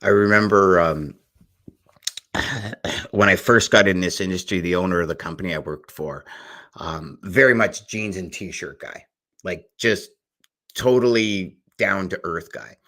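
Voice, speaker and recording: Male podcast host, low and forceful, animated storyteller in casual interview. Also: unhurried, long pauses. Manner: animated storyteller, acts out voices in anecdotes.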